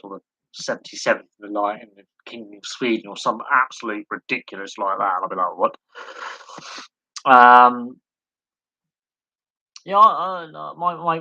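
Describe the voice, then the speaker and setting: Guy on a live stream just rambling, bright crisp voice, dry close sound. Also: medium pitch, dry recording, dull audio. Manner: rambling, wanders off on tangents; self-mocking, chuckles at himself. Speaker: live stream host answering chat. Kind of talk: casual live Q&A chat.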